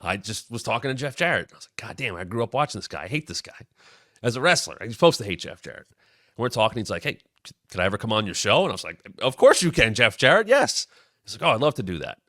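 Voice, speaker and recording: Forceful, animated storyteller man in his thirties. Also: lowish voice, rapid-fire, no echo, studio quality. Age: 30s. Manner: animated, acts out quoted lines with sudden loud jumps; rambling, with frequent restarts and asides. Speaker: show host. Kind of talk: casual storytelling.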